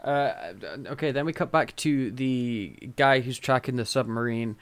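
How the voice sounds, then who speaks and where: A man's voice: mid-range voice, unhurried, smooth, no echo. A man co-hosting a podcast in casual chat, recapping scenes with wry asides. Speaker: podcast co-host.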